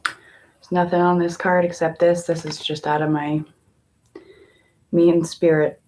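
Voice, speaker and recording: A woman tarot reader in a casual spiritual talk, musing in a slow, meandering way with long pauses. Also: on the low side, little pitch movement, mellow.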